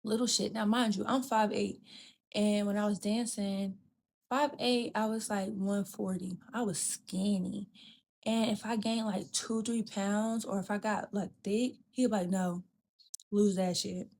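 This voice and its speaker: Brief: woman podcast host, mid-pitched, blunt and profane, storytelling with acted-out quotes. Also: a little slow. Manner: frank and profane, addresses listener as "girl" and "bitch"; animated, acts out quoted people. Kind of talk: candid storytelling chat.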